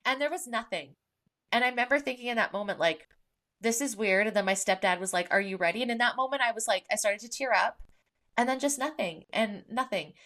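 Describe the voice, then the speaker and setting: A woman's voice: fairly high pitch, brisk, fairly bright tone. A woman in her thirties hosting a podcast in casual chat. She talks candidly and swears freely, with many fillers. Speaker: podcast host.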